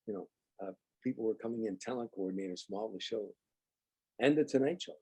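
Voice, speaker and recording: Husky-voiced older man telling stories. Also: lowish voice, fast. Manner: animated anecdotes, acts out quoted dialogue. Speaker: guest comedian. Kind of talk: storytelling interview.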